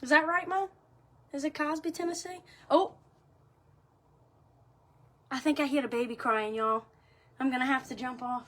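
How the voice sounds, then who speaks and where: Bright, high-voiced Southern woman chatting live. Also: steady tone, normal speed, pauses often. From Louisiana. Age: young adult. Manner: chatty, greets viewers by place, says y'all often. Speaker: livestream host. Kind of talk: casual chat to live viewers.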